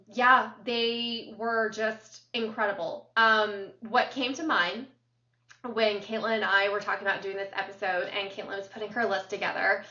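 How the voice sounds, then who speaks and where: A woman co-hosting a podcast, chatting casually as an animated storyteller who fills her talk with ums and uhs. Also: mid-range voice. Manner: animated storyteller, lots of fillers. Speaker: podcast co-host. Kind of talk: casual chat. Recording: roomy, distant, dull sound.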